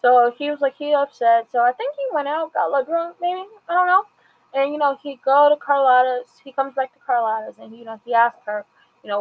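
A chatty woman reviews a TV episode, her voice sitting a little high. She retells scenes by acting out bits of dialogue, loose and conversational throughout. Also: fairly quick, low-quality recording. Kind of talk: casual recap and commentary.

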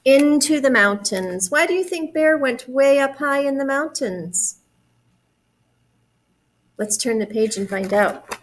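A woman's voice: high voice, animated, slight background noise, low-quality recording. A woman reading a storybook aloud to young children, explaining words and asking them questions. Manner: warm, slow, encouraging, explains words.

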